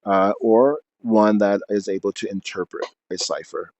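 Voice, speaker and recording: A man's voice: lowish voice, fairly even intonation, moderate pace, darkish tone, dry recording, lo-fi sound. A man reading aloud from his book, then explaining at length off the cuff with many fillers and restarts.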